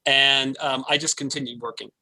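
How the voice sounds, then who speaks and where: A man in his sixties from Wales, with a soft North Welsh accent mixed with Dublin Irish, chatting as a guest on a video call interview and telling his story with self-deprecating humor. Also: medium pitch, fairly even intonation, normal speed, low-quality recording.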